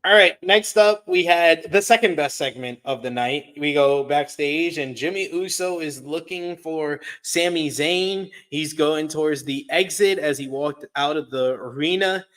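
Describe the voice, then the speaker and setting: A man's voice: fairly high pitch, a little slow, hardly any pauses, a bit bright. A man co-hosting a casual review show, recapping events in a conversational way. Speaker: podcast co-host. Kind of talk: casual wrestling review chat.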